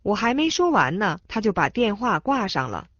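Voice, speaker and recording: A woman reading short phrases aloud for a language lesson in a lively, sing-song way. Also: medium pitch, moderate pace, no room sound. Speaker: Chinese phrase reader. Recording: dull dry studio sound.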